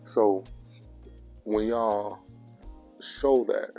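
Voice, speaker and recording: A man's voice: lowish voice, steady tone, extremely slow, dark tone, faint music behind. A man giving blunt relationship advice in a casual vlog monologue, preachy and repetitive, with coarse language.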